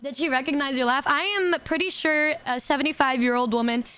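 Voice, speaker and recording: A woman streamer telling a story in casual chat, stammering and repeating words, quoting others in animated voices. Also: sits high, a little fast.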